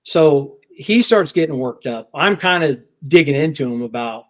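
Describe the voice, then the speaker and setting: A man with a slightly high voice and a moderate pace, a federal agent, recounts a tense story from the field in conversation. He gets animated, restarts a lot, and performs the shouted lines himself, all on muffled, low-fidelity podcast sound.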